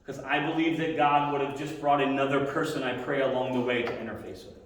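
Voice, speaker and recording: Preacher in an echoey church hall. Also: male voice, mid-range voice, steady tone. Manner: earnest, building to prayer with dramatic pauses. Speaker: pastor. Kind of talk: sermon. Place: church sanctuary. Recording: echoey hall, mic at a distance.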